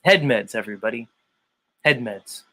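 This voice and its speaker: A man's voice: mid-range voice, expressive, normal speed, pushed and bright. Rambling, opinionated male show host. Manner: rambling, loose and opinionated, many fillers. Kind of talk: casual livestream chat.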